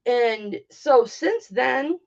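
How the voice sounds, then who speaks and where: A woman in her forties hosts a casual livestream and tells a personal story bluntly, swearing freely. Her voice sits a little high and the talk runs hot and unpolished. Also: animated, extremely slow, vocal fry, dull audio. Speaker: livestream host.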